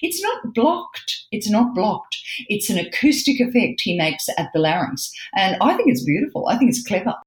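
A woman's voice: mid-range voice, very animated, normal speed, few pauses, reverberant, rough recording. A woman, explaining voice in an interview as an expert guest, emphatic and demonstrative.

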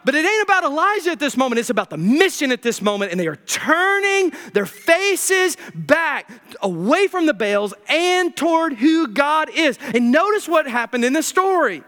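A man preaching a sermon, firing rhetorical questions and dropping to a near hush when reading scripture. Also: very high voice, very animated, normal speed. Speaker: pastor. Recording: long hall reverb.

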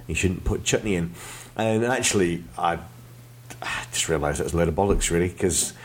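A man with a deep voice talks briskly as co-host of a casual podcast. He's chatty and self-deprecating and laughs often.

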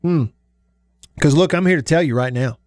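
A man hosting a sports radio show, chatting in a folksy, easygoing way with drawn-out emphasis. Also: fairly high pitch, a little mellow, no room sound, studio quality. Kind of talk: casual sports talk radio. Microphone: studio microphone.

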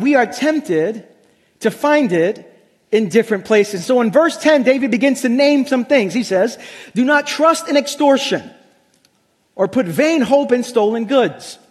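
High-voiced man preaching in a reverberant hall. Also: expressive. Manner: emphatic, slows down and drops low for scripture lines. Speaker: pastor. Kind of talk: sermon. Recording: long reverb of a large hall.

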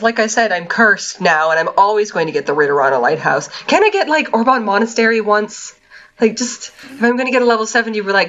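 A woman's voice: fairly low pitch, fairly bright tone, highs cut off. A woman co-hosting a casual chat podcast, talking about games in a laid-back way, swearing and laughing easily. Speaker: podcast co-host.

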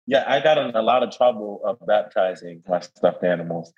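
A man's voice: lowish voice, a little fast, highs cut off. A young man with a New Orleans accent, a guest priest chatting in an interview and telling stories with frequent laughter. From New Orleans, Louisiana. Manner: warm storytelling, laughs often, animated quoting. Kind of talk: casual interview chat.

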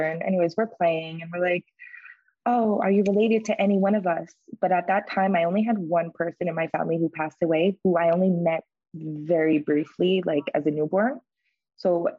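A woman's voice: lowish voice, no echo, muffled recording. Chatty woman telling a spooky story. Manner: chatty, many fillers, lively re-enacted quotes. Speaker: podcast co-host. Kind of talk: casual storytelling.

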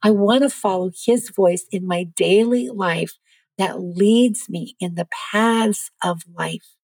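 Podcast guest: earnest woman, mid-range voice, lively storyteller, dry sound. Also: medium pitch, slow, no echo. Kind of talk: faith testimony in a podcast interview.

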